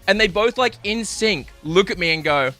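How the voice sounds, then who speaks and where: Young male streamer, lively, bright voice, casual storyteller who swears. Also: high-pitched, moderate pace, soft background music. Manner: animated, swearing, laughing while telling stories. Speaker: livestreamer.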